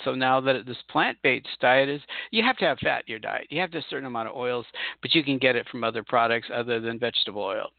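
A middle-aged man chats on his own podcast in a rambling, folksy way, often stopping to correct himself. His voice has a gravelly fry to it. The sound is dry and thin, like a phone line. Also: mid-range voice, dry recording. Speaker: podcast host and spirit channeler. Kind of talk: casual solo podcast monologue.

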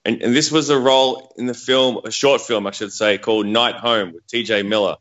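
A man's voice: medium pitch, steady tone, a little fast, a bit bright. A man hosting a podcast, asking casual interview questions, on dull lo-fi audio. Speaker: podcast host.

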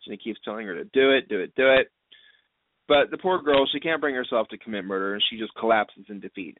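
A man with a mid-range voice co-hosts a casual podcast, recorded with no echo but over a tinny, phone-like line with faint hiss. Chatty and playful, he gives a lengthy rundown of a TV episode.

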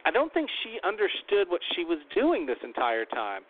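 A man's voice: sits high, wildly swooping pitch, moderate pace. A man giving blunt, opinionated casual commentary as a host recapping a reality show. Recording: tinny phone-line audio.

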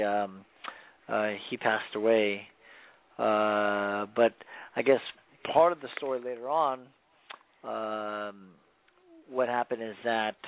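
A firefighter guest telling a long story in a rambling, casual way, with many fillers and restarts. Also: male voice, mid-range voice, no room sound. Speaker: firefighter guest on a radio talk show. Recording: dry tinny phone line.

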